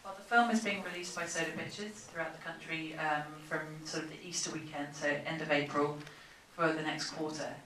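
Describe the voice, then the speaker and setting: A hesitant man speaks as a film director at a festival Q&A, his tone bright and forward. He fills his answers with ums and restarts. The recording is roomy and distant, as if from the back of a cinema. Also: a little high, little pitch movement, a little fast, few pauses. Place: cinema auditorium. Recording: roomy cinema from far off, faint noise.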